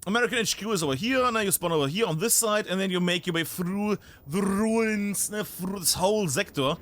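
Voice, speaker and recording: A man's voice: high-pitched, a little fast, fairly bright tone. A man streaming a game live, chatting and thinking aloud as he looks around a map, often breaking off mid-sentence.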